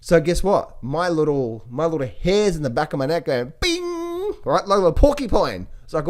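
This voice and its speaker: A man talking casually about markets to viewers, animated, repeating words and mimicking other people's voices. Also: on the high side, normal speed, few pauses. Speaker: trading educator. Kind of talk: casual market commentary to camera.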